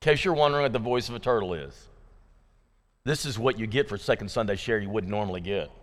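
Joking preacher in a reverberant church. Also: male voice, lowish voice, quick pace. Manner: folksy, joking, conversational. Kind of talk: sermon. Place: church sanctuary. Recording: long reverb of a church hall.

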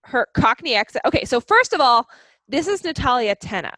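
A woman's voice: high voice, sing-song, brisk, a bit bright, dry recording. A woman co-hosting a casual chat about a show, opinionated and laughing often as she lists her points. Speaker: podcast co-host.

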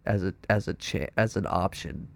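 Stuffed-up man with a gravelly voice. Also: sits low, moderate pace, no echo. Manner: loose, rambling, swears freely. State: stuffed-up nose. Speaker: drummer, podcast co-host. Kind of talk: casual chat.

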